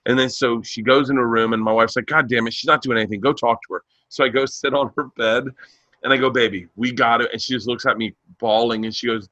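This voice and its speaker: A man with a bright, forward voice tells stories in loose podcast chat. He acts out everyone he quotes and laughs without holding back. The sound is dry and close to the mic. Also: mid-range voice, fast talker, no room sound, highs cut off. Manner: animated storyteller who acts out voices and laughs hard. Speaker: stand-up comedian.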